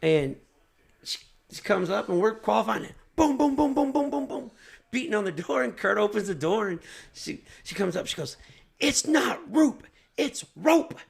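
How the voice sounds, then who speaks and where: A man with a gravelly, slightly high voice tells stories from the announcer's booth. He trips over his words and restarts often. His retelling turns quick and animated. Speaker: race announcer, podcast host. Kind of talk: casual storytelling chat.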